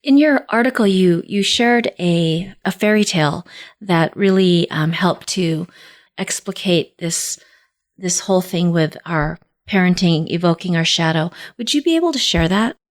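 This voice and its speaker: A woman podcast host, a therapist, interviewing a guest in a measured way, sometimes searching for words. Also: fairly low pitch, expressive.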